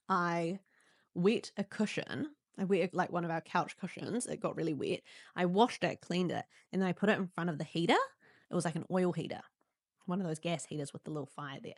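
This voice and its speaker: New Zealand woman, low voice, candid storytelling. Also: no echo, studio quality. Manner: animated, acts out quotes in sudden high voices. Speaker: podcast host.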